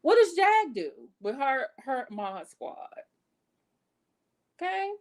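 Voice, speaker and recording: A woman with a somewhat high voice hosts a casual gossip commentary. She talks bluntly and curses freely. She rambles with fillers and restarts as she works through her points. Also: very animated, slow. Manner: blunt and profane, talks with her hands in her words; chatty, with many fillers and self-corrections. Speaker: commentary channel host.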